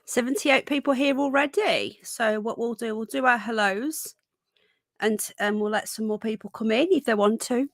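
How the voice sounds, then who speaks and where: A woman hosting a live stream whose voice is going croaky, chatting casually and rambling with fillers and restarts. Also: fairly high pitch, moderate pace, no room sound, studio quality.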